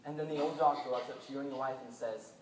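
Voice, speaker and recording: A young man performing a dramatic monologue on stage, intense, dropping to hushed tones and rising to urgent ones. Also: medium pitch, fairly even intonation, quick pace. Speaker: student performer. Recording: echoey hall, mic far off, faint room hum.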